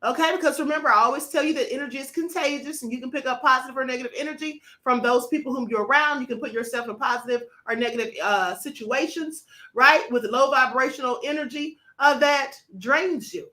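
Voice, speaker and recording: Bright, high-voiced woman host. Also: a little fast, few pauses, roomy sound. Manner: chatty, greets viewers by name, calls them honey and beloved. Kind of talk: livestream talk to members.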